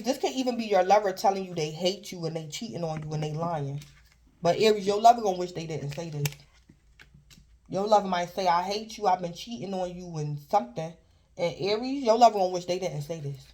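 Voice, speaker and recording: A woman's voice: lowish voice, warm tone, a little hiss or hum. Lady reading tarot, loose and rambly, keeps circling back to the same point. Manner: rambling, repeats herself, keeps addressing the listener by star sign. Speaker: tarot reader. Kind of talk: casual tarot reading to a viewer.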